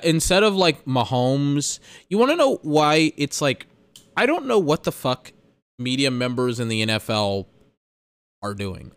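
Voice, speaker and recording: Male podcast host, sarcastic ranter, smooth clear voice, dry close sound. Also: medium pitch, dry recording. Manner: exasperated, swearing, sarcastic. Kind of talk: ranting sports commentary.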